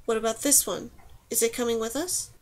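A woman voicing a spirited, brave young girl archer in a lifted, brighter voice. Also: a little high, steady tone, fairly quick, lightly acted.

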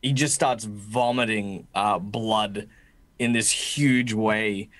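A player in a tabletop game describing what his character does, in a halting way with frequent restarts. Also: lowish voice, steady tone, fairly bright tone. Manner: halting, repeats himself while describing.

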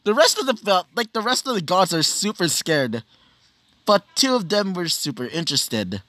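A man's voice: high-pitched, very animated, moderate pace, sharp tone, no echo. Rambling man narrating fan fiction. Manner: rambling and casual, many fillers and self-corrections. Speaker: storyteller.

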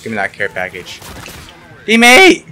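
A man's voice: fairly low pitch, fairly quick, sharp tone, slight background noise. A young man commentating his online shooter match, sarcastic and swearing, yelping when things go wrong. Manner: sarcastic, swears often, yelps when frustrated. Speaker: gaming YouTuber. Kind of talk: casual gameplay commentary.

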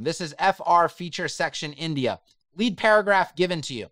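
A man's voice: on the high side, lively intonation, normal speed, fairly bright tone, no room sound, studio quality. A man giving a chatty, emphatic screen-share web design tutorial and speaking straight to his viewers.

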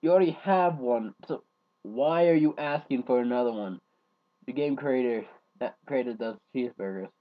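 A man rambling casually to his viewers in a vlog, trailing off into low mumbles and then bursting into loud rants. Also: normal speed. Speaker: vlogger. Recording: dull lo-fi home recording.

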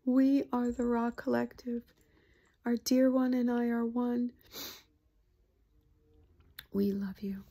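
A woman voicing a gentle, somber channeled spirit collective in a whispered role-play, speaking in a slow, solemn, loving way. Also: a little high, flat delivery, dull audio.

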